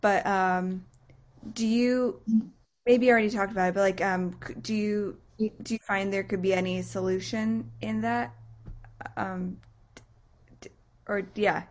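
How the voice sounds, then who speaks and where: A woman in the audience asking a question in a halting, hesitant way, with false starts and nervous laughs. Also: mid-range voice, fairly even intonation.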